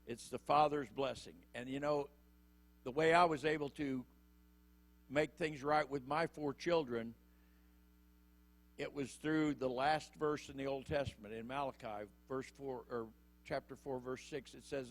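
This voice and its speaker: A man's voice: medium pitch, fairly even intonation, unhurried. A middle-aged man preaching a conversational sermon in church, acting out short quotes as he goes. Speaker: prison minister preaching.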